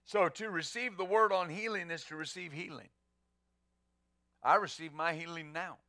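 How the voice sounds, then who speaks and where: Bright, high-voiced preaching pastor. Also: male voice, normal speed, dry recording, clean studio sound. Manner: emphatic preaching with rhetorical questions. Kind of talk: sermon.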